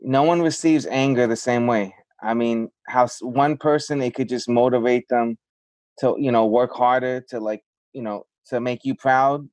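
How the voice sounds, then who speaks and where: A man's voice: medium pitch, fairly even intonation, moderate pace, darkish tone, no echo. A man from the South Bronx, speaking reflectively in a casual podcast chat with many fillers. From South Bronx, New York.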